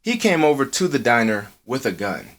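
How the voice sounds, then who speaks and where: A man co-hosting a podcast, telling a story in casual, profanity-heavy talk, acting out quotes in a high voice. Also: normal speed. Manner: swears a lot, animated, acts out quotes in a high voice. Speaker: podcast co-host. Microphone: earphones with mic.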